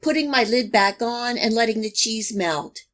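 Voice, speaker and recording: A woman hosting a cooking channel, giving calm, even, step-by-step recipe instructions in a scripted voice-over. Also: on the high side, normal speed.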